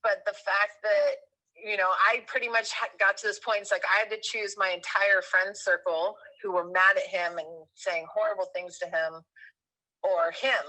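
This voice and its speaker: A woman in her thirties, a guest telling a personal story in a casual, animated way, rambling with fillers and correcting herself. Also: medium pitch, normal speed, rough recording.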